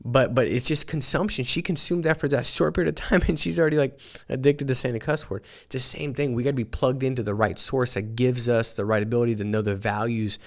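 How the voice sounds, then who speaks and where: A man's voice: medium pitch, steady tone, quick pace, hardly any pauses. A man hosting a morning podcast, telling stories in an earnest motivational talk and often restarting with repeated words. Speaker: podcast host and sales team leader.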